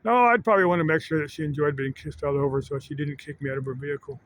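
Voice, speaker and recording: A man vlogging in a casual, rambling monologue that halts often on filler pauses. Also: on the high side, fairly bright tone, a little hiss or hum. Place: Arizona.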